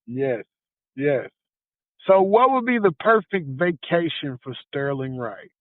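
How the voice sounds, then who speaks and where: A male host running a casual interview, eager and quick to answer with repeated affirmations. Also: fairly high pitch, expressive, no echo. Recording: dry tinny phone-like sound.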